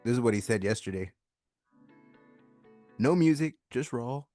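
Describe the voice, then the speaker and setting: A man co-hosting a live online show, chiming in with relaxed, brief remarks. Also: medium pitch, measured pace, no echo, soft background music. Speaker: co-host. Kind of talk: casual chat.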